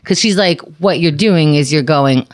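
A woman's voice: low voice, normal speed. A woman hosting a casual advice podcast, chatty and acting out quoted lines. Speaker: podcast host.

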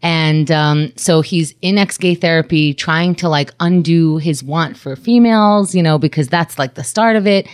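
A married woman in casual chat, telling a personal story in an earnest, measured way. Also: deep voice, clean tone, no echo, clean studio sound.

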